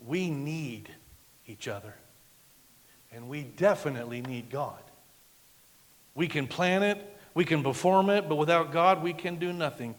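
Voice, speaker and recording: A middle-aged man preaching a sermon as a guest pastor, emphatic, swinging from loud declarations to hushed lines. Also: a little high, a little slow, pauses often. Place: church sanctuary. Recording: long reverb of a large church hall.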